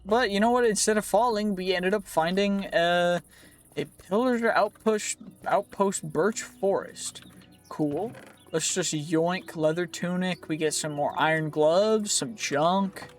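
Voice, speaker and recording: Guy with a high voice doing goofy let's play commentary, faint music behind. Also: measured pace. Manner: playful, rambling, self-joking. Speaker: gaming YouTuber.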